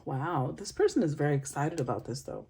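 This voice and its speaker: A woman's voice: deep voice, animated, fairly quick, mellow, breathy edge. A woman giving an intuitive tarot reading to her viewers, musing and conversational as she thinks aloud. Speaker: tarot reader.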